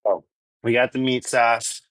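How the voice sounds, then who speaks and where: A cooking channel host from Minnesota, in the US Midwest, runs a casual live stream from his home kitchen, chatty and rambling, laughing often and answering chat. His voice is medium-pitched, steady, a little slow and a bit bright. The recording is low quality with no room sound.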